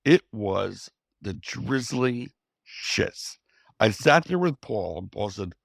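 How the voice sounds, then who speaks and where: A man's voice: on the low side, slow pace, gravelly, no room sound, clean studio sound. A man telling stories in an interview, acting out the lines of people he quotes. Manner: animated storyteller, acts out quotes. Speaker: former wrestling promoter, interview guest. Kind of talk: storytelling interview.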